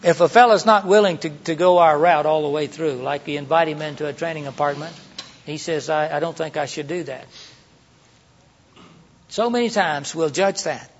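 A man's voice: on the high side, normal speed, slight background noise. A middle-aged man preaching in a conversational way, asking rhetorical questions and acting out quoted lines. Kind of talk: sermon teaching. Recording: dull lo-fi sermon recording.

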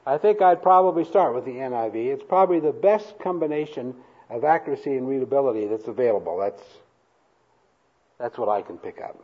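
A man preaching a sermon to a congregation, slow and emphatic, having them repeat lines after him. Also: mid-range voice, lively intonation, muffled recording. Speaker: pastor. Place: church hall before a congregation.

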